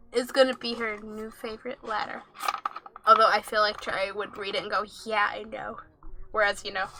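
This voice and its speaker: A woman's voice: fairly high pitch, pushed and bright. A young woman streaming a game, chatting casually with viewers, giggling and reading game text and chat aloud.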